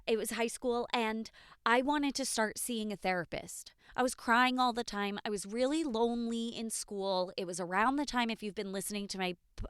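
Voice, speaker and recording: A woman's voice: medium pitch, a bit bright, clear, resonant tone, no echo, clean studio sound. A woman hosting an unscripted personal podcast, talking candidly and passionately and swearing freely. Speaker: podcast host.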